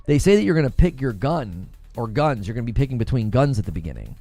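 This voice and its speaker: A man's voice: medium pitch, big pitch swings, quick pace, mellow, no echo, soft background music. A man streaming live, chatting casually about a game, rambling with repeated words and many fillers as he reads chat comments and reacts. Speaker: gaming streamer.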